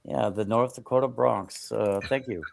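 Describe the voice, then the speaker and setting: A man chatting as a guest on a stream, hesitant and halting, dropping dry jokes. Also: medium pitch, fairly even intonation, vocal fry, slight background noise. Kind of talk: casual chat.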